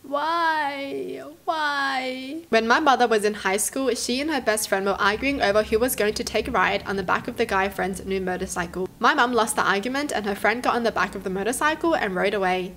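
A young woman from Australia, hosting and reading stories aloud, then reacting to them with animated exclamations. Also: medium pitch, quick pace, hardly any pauses, a little hiss or hum. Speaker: host.

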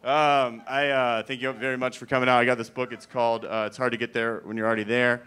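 A male comedian delivers a stand-up set in an easygoing, rambling manner, full of fillers and asides. His voice sits at an ordinary middle pitch, and his delivery is wry and profane. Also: level tone, fast, fairly bright tone, clear, resonant tone. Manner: rambling, conversational, filler-heavy.

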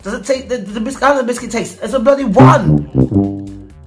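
A man's voice: high voice, huge pitch swings, moderate pace, vocal fry, soft background music. A man reviewing snacks on his vlog, talking casually with slang and theatrical, exaggerated outrage. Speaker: food reviewer.

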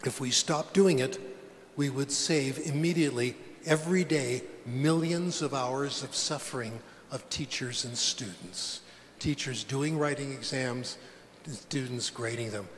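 A man's voice: medium pitch, a little slow. An older man giving a conference lecture to language teachers, plain and conversational with pointed asides. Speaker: conference plenary speaker. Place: large conference hall. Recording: long hall reverb, faint background noise.

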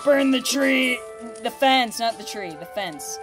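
A woman's voice: fairly high pitch, animated, slow pace. Chatty woman hosting a game, music behind. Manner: chatty, upbeat, narrates on-screen text aloud. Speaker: gaming channel host. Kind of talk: casual let's-play commentary.

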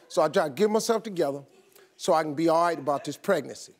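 A middle-aged man, a talk show host, telling a comic story in an animated, laughing way. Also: on the high side, fast talker. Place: TV studio.

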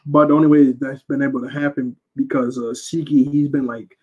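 Husky young man rambling through a recap. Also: mid-range voice, flat delivery, brisk, a little mellow, dull audio. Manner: rambling, slangy, self-correcting. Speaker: reviewer. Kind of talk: casual movie recap.

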